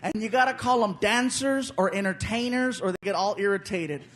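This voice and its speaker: A man telling a stand-up story on a club stage with a handheld mic, animated and acting out voices. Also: high-pitched, normal speed. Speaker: stand-up comedian. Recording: loud laughing crowd, noisy club.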